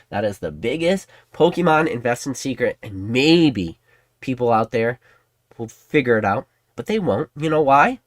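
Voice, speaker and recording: A man's voice: mid-range voice, lively intonation, moderate pace, dry recording. A man hosting a trading card channel, talking in a casual, rambling, conspiratorial way to his viewers. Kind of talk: casual commentary to camera.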